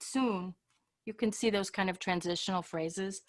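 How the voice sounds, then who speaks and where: A woman teacher leads an online class in a loose, conversational way. Her voice sits at a middle pitch. She drifts, restarts and circles back to her point. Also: unhurried. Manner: chatty, informal, trails off and restarts.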